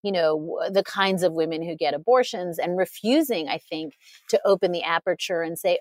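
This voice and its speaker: A woman's voice: fairly low pitch, moderate pace, no room sound. A woman guest on an interview, speaking earnestly and articulately with frequent "you know" fillers and short laughs. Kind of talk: conversational analysis.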